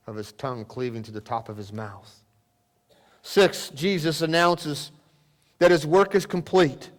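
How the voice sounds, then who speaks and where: Male pastor, dramatic sermon delivery, loud cries dropping to hushes, slightly high voice. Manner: dramatic swings from loud exclamations to hushed near-whispers. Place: church sanctuary. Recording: long church hall reverb.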